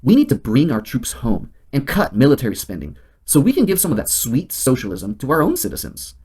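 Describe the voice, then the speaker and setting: A man hosting a scripted satirical monologue and delivering it in a deadpan, mock-serious way. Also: mid-range voice, brisk, husky. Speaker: host.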